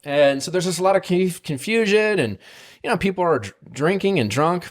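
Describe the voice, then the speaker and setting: A man's voice: high-pitched, animated, fairly quick. A man hosting a podcast, casually telling a long personal story, full of fillers and tag questions. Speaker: podcast host.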